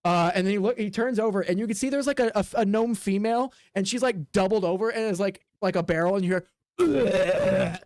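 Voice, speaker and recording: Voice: mid-range voice, fast talker, few pauses, darkish tone, dry recording. Tabletop game master, loose rambling narrator, dry sound. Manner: rambling, filler-heavy narration.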